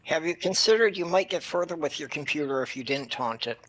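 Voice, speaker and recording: A man's voice: fairly high pitch, expressive, fairly quick, a bit bright, low-quality recording. A man co-hosting a casual podcast chat, with dry, wry remarks. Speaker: podcast co-host.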